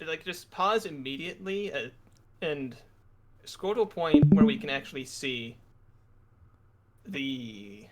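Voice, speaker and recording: A man's voice: a little high, lively intonation, slow pace, pauses often, loud music behind the voice. A man streamer chatting casually in a dry, teasing way. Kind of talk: casual chat.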